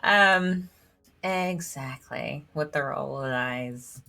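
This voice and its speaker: A woman's voice: very deep voice, extremely slow, gravelly, pushed and bright, soft background music. A woman streaming a story game, reading its dialogue aloud in a chatty, giggly way, filling her talk with "like". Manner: giggly, chatty, fills speech with "like".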